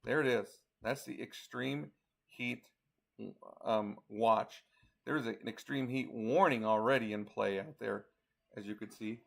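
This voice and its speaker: Male storm chaser from Colorado, gravelly, tired, casual live forecast talk. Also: mid-range voice, fairly even intonation, measured pace. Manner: talks through model maps, counting hours aloud. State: tired, yawning. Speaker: storm chaser giving a weather update. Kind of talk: casual live weather briefing.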